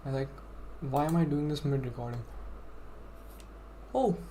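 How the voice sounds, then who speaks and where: A young man with a fairly high voice live-streams a game from his home setup, speaking at a measured pace against a noisy background. He chats casually and rambles to his viewers, self-deprecating and full of "bro" and "like."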